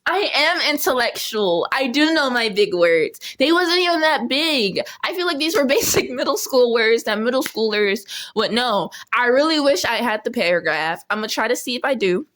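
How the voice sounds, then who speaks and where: A young woman telling a casual storytime as a vlogger, chatty and animated, laughing often as she talks. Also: a little high, moderate pace, hardly any pauses.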